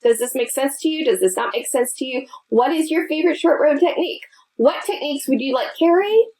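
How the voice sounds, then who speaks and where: A woman's voice: sits high, fairly quick, darkish tone, rough recording. A woman hosting a casual knitting tutorial, chatty and friendly, speaking straight to her viewers. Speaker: knitting video host.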